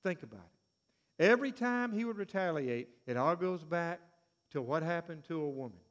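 High-voiced dramatic male preacher. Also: expressive, normal speed. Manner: dramatic, swinging from hushed to loud. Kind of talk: sermon.

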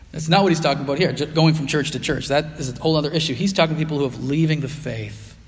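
A man's voice: on the high side, fast, big-room sound. A man preaching a sermon as pastor, earnest and emphatic, with frequent fillers.

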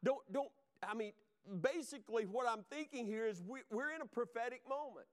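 A man's voice: very high voice, expressive, moderate pace. A male pastor preaching a sermon, fervent and exhorting, driving points home by repetition.

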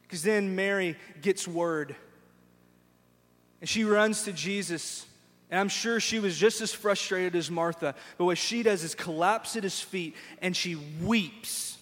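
Pastor guy preaching in a church, high voice, big hall echo, acts out the characters. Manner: animated storytelling preacher who acts out voices. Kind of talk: sermon. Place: large church sanctuary. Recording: long hall reverb in a church.

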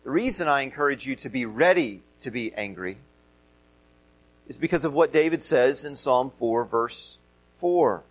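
A man's voice: mid-range voice, expressive, normal speed, rough recording. A middle-aged man preaching a sermon as pastor, earnest, often repeating and stressing key phrases.

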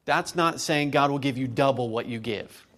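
Man, pastor, thirties, sermon, conversational, emphatic peaks, medium pitch. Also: moderate pace, a bit bright.

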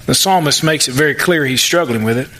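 A man's voice: medium pitch, fast, bright, forceful tone. A man preaching a sermon in a conversational way, acting out the psalmist's words. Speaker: pastor.

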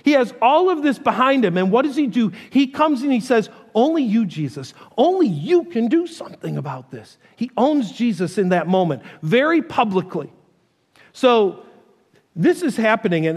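A male pastor delivers a sermon in an animated storytelling style and acts out the characters' voices. His voice sits high and swings widely in pitch. The long reverb of a church hall carries every word.

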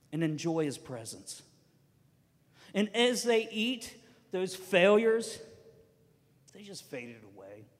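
A pastor preaches a sermon full of stories, swinging between loud, emphatic lines and soft, quiet ones. His voice sits high, and there is a long reverb tail.

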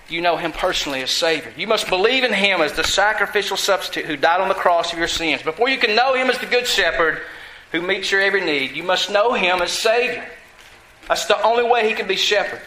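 Bright high-voiced male pastor preaching. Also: roomy sound, poor audio. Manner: asks the congregation questions, repeats lines for emphasis. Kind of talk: sermon.

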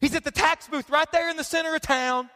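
A man's voice: very high-pitched, steady tone, a little fast, sharp tone. Male pastor, sermon, passionate and repetitive; long hall reverb. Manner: passionate, repetitive preaching with building emphasis.

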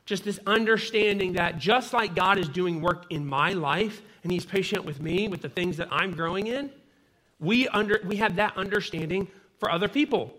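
Bright-voiced man preaching a sermon. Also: high voice, normal speed. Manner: conversational preaching with personal stories. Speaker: pastor.

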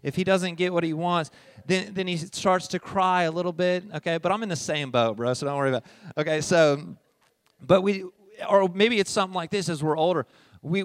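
A middle-aged pastor preaching a sermon in a conversational way, often checking in with "all right?" and moving from soft asides to loud emphasis. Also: male voice, fairly high pitch, no room sound.

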